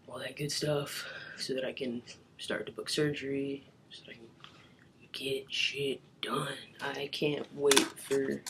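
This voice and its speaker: A man's voice: medium pitch, noisy background. A young man chatting casually to the camera in his bedroom, rambling with lots of filler words and casual swearing. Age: young adult. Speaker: vlogger.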